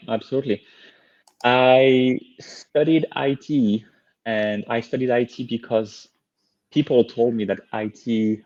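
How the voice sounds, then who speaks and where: A man's voice: lowish voice, gravelly, dark tone, no room sound, muffled recording. A man in his thirties from France, speaking English with a French accent as an interview guest, earnest and upbeat as he tells his story. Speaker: guest, leadership coach.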